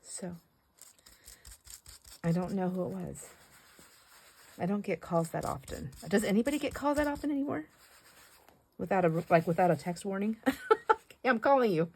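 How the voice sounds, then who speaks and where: Chatty middle-aged woman, slightly low voice, casual and giggly. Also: animated, moderate pace, pauses often, darkish tone, slight background noise. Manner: rambling, chatty, laughs often. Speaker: craft vlogger. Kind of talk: casual craft chat while painting.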